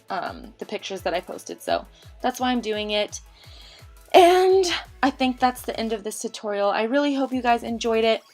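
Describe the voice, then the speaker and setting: Young woman, fast chatty makeup voiceover, winded, soft music underneath. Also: mid-range voice. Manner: rapid, chatty, slightly tongue-tied. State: out of breath. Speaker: makeup tutorial creator. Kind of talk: casual voiceover tutorial. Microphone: home voiceover mic.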